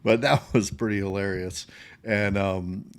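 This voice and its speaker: A man's voice: lowish voice, steady tone, a little slow. Laughing middle-aged man telling army stories. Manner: laughs while telling stories, many fillers. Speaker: podcast host, army veteran. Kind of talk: casual storytelling.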